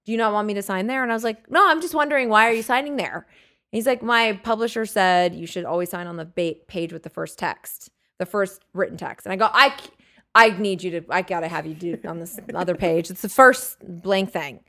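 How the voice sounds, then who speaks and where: A woman telling a long, animated story in casual chat, swearing freely and acting out what people said. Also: mid-range voice, a little fast. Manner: animated, profane storytelling with acted-out quotes.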